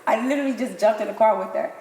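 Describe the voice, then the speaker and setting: A woman, a guest on a talk show, telling her own story in an animated way, repeating herself and laughing between words. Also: fairly high pitch, racing. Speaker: guest, cancer survivor. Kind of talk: emotional personal storytelling. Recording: echoey room with long reverb, faint noise.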